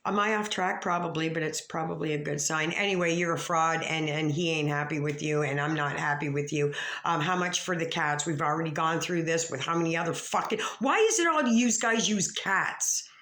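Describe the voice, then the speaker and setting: A woman vlogger in a rambling, profane rant that calls out other creators. She stammers and restarts, and she swings from low mutters to sharp outbursts. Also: brisk. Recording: echoey room.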